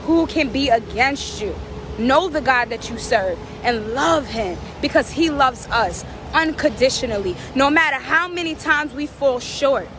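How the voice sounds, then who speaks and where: High-pitched lady preaching uplift at the camera, repeats herself, faint car noise behind. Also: lively intonation, measured pace, few pauses. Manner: preachy, fervent, repeats phrases for emphasis. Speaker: vlogger giving encouragement. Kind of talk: casual inspirational talk.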